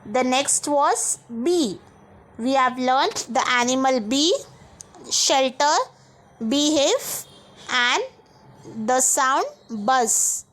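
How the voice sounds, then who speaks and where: A woman teaches small children in a bright, high voice. She talks very slowly, spelling every word letter by letter before saying it again. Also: expressive. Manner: slow, spells words letter by letter and repeats them. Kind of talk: online school lesson for young pupils.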